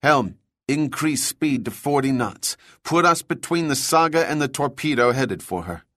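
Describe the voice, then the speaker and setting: A man's voice: medium pitch, animated, normal speed, a bit bright, dry recording, clean studio sound. A male narrator voicing a commanding middle-aged male ship captain who gives clipped, firm orders, in a storybook reading.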